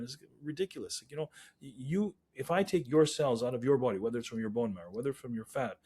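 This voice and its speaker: A male physician, a guest in an interview, telling stories in an animated, emphatic way. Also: mid-range voice. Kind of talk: interview storytelling.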